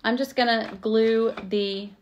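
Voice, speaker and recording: A woman's voice: on the high side, steady tone, takes it slowly, muffled recording, a little hiss or hum. A middle-aged woman, chatting casually and laughing at herself as she crafts at her table at home. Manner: chatty, self-mocking, exclaims often. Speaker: craft vlogger. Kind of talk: casual live craft chat.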